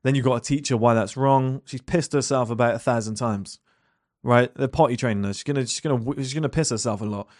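A man's voice: mid-range voice, fairly quick, a little mellow, dry recording, clean studio sound. A young man talking bluntly at his desk, swearing and rambling with lots of fillers and rhetorical questions. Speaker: entrepreneur talking to camera. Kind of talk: casual monologue.

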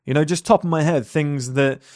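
A man's voice: a little high, steady tone, normal speed, a little mellow, no room sound, studio quality. A young man talking bluntly at his desk, swearing and rambling with lots of fillers and rhetorical questions. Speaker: entrepreneur talking to camera. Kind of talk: casual monologue.

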